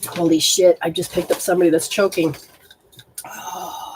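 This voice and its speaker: Woman host, lower pitch, spiritual reader on a live stream: blunt, exclamatory, unfiltered. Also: level tone, normal speed, a little hiss or hum. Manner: blunt and exclamatory, swearing, reacting aloud to sensations. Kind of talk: casual live-stream talk with viewers.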